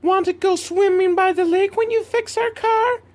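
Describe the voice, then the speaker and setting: A man voicing coy, helpless-acting young women in a high mocking falsetto. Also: steady tone, moderate pace.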